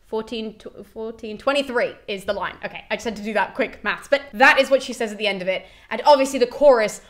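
A woman presenter giving an animated, chatty summary of a classical play, swearing and laughing freely. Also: on the high side, quick pace. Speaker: YouTube presenter.

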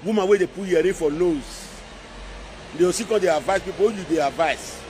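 A man's voice: sits high, fairly quick, a little mellow, a little hiss or hum. A man speaking Nigerian Pidgin English, scolding and mocking in a repetitive social media rant. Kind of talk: scolding live-video rant.

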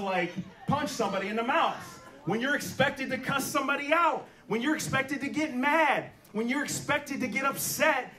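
A man's voice: sits high, a bit bright. A man preaching a sermon with call-and-response, checking in with the congregation and asking for amens. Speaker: pastor. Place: church sanctuary. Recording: roomy church room, mic at a distance.

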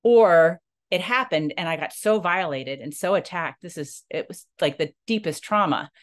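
A woman with a notably low voice tells a personal story to camera. Her delivery is earnest and halting. She often restarts phrases and acts out the lines of the people she quotes. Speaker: non-profit founder.

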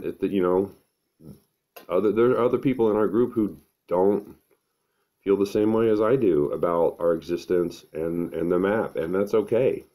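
A middle-aged man, talking to camera at home in an unhurried, earnest, thinking-aloud way. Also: sits low, dark tone. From American Midwest. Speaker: vlogger. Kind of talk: casual to-camera monologue.

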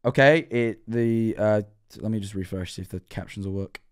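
A man's voice: on the low side, normal speed, over music. A man livestreaming his reaction to a horror series, rambling and swearing as he talks to his chat, his voice worn out. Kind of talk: casual livestream commentary.

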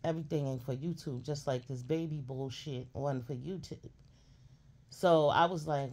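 Sassy woman ranting, gravelly. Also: deep voice, brisk, mellow. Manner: blunt, scolding, sassy, heavy cursing. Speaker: commentary streamer. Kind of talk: profane ranting commentary.

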